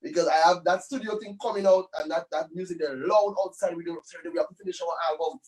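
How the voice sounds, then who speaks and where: Male musician guest with a high voice, loose chatty storyteller, recorded a bit far from the mic. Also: fast, a little mellow. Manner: loose, rambling, with many tag phrases. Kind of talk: casual storytelling interview.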